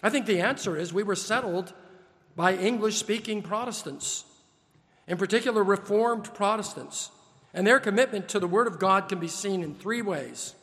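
Male preacher, emphatic list-building delivery, sharp bright tone. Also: high voice, moderate pace, long reverb tail. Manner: emphatic, building lists with rising stress. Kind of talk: sermon.

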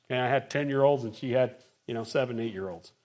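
A middle-aged man preaching a sermon, telling stories with lively acted-out quotes. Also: medium pitch, fast talker. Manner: animated storytelling with acted-out quotes. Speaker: pastor.

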